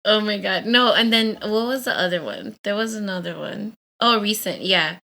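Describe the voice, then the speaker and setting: Young woman host, bright mid-pitched voice, chatty, lots of "like". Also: moderate pace, vocal fry. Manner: chatty, filler-heavy with "like", quoting herself. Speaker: podcast host. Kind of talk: casual chat.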